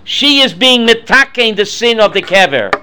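Animated high-voiced male Bible teacher. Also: normal speed, smooth. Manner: animated, quizzing students with questions. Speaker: Torah teacher. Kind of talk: classroom Bible lesson.

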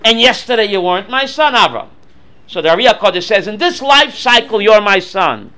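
Male Torah teacher, high and bright, lively questioning style. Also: a little fast. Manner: animated, quizzing students with questions. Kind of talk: classroom Bible lesson.

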